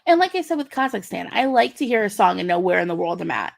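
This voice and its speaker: Woman, co-host, casual chat, chatty, fry in the voice. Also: lowish voice, very animated, fast. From United States. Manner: chatty, lots of fillers and laughs. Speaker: podcast co-host.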